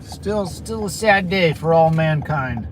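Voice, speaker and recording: A man talks to his viewers while he drives, rambling, restarting his sentences and tossing out crude asides. His voice sits high for a man. Loud road and traffic noise fills the recording from inside the car. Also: expressive, slow. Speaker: channel host chatting with viewers. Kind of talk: casual livestream chat while driving. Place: inside a car, driving around town.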